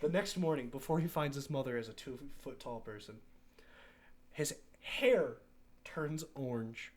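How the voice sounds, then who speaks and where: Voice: medium pitch, unhurried. A young adult podcast host who retells a movie plot in casual chat, swearing freely, laughing often and acting out the quotes.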